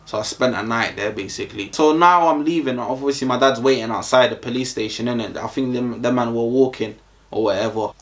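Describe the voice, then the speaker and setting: A man's voice: medium pitch, brisk. A young man with a London accent, telling a casual storytime vlog in a slangy, rambling way full of fillers. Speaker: vlogger.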